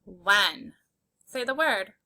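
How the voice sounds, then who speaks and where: Woman teacher doing a phonics lesson for little kids, slow and clear, bright tone. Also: medium pitch, lively intonation. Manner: slow, clear, encouraging; sounds out letters one by one. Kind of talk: phonics reading lesson for young children.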